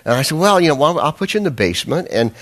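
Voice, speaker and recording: A man's voice: on the high side, big pitch swings, very fast, noisy background. A man preaching a sermon as a pastor, telling a self-deprecating personal story with humor, then pressing his point with earnest, fervent emphasis.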